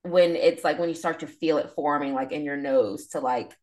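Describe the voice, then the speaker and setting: A woman's voice: low-pitched, normal speed, darkish tone. A young woman co-hosting a podcast in casual chat, rambling and filling her talk with "like.". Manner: rambling, heavy use of "like", laughs often. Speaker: podcast co-host.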